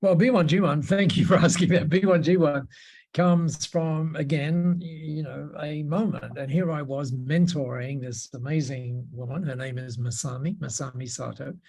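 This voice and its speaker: A man with an Australian accent, a podcast guest telling a story with animation and repeating words when he gets excited. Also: fairly high pitch, normal speed, vocal fry, husky. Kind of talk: storytelling interview talk.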